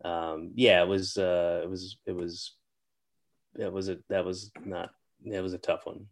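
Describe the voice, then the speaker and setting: A middle-aged man with a fairly low voice, chatting as an interview guest. He talks in a halting, meandering way, full of fillers and restarts. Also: little pitch movement. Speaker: interview guest, comedian and actor. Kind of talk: casual interview chat.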